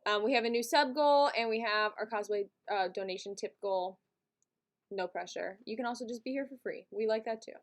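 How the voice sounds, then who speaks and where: A woman's voice: on the high side, fairly quick. Giggly, chatty woman streamer. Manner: chatty and giggly, talks to chat. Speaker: live streamer host. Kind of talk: casual live-stream chat with viewers.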